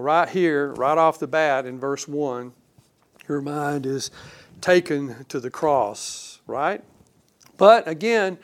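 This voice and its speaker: A man preaching a sermon in a conversational way, asking the congregation rhetorical questions and dropping to quiet asides. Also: a little high. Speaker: pastor.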